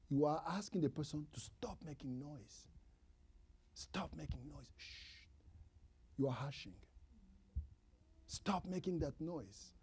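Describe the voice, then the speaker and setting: Husky high-voiced preacher guy, sermon, swoops all over from loud to a hushed whisper. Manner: swings from loud emphatic calls to hushed whispers; non-native English phrasing, repeats for emphasis.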